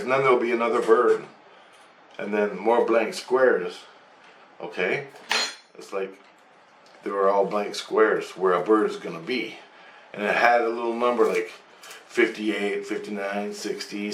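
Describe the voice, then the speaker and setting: A man's voice: lowish voice, fairly bright tone, slight background noise. A man telling a story in a rambling, repetitive way, with swearing. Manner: rambling, repeats himself, swears. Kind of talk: casual storytelling to camera. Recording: roomy, distant from the mic.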